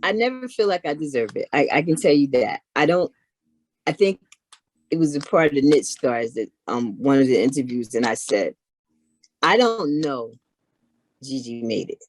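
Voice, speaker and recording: A middle-aged woman chatting casually as an interview guest, telling animated stories. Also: a bass voice, normal speed. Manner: animated, acts out others in her stories. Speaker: guest, knitwear maker. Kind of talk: casual storytelling chat.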